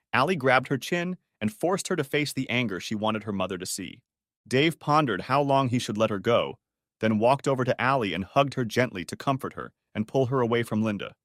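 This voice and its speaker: Male audiobook narrator, measured scripted reading, mid-pitched voice, dry close sound. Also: a bit bright, no echo.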